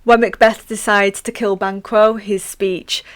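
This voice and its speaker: A woman's voice: medium pitch, flat delivery, measured pace. A woman teaching a literature revision lesson in a chatty, playful way, acting out quotes now and then.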